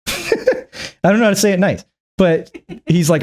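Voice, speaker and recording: A man's voice: sits high, sing-song, measured pace, darkish tone. A man vlogging a rambling movie recap, profane and chuckling often.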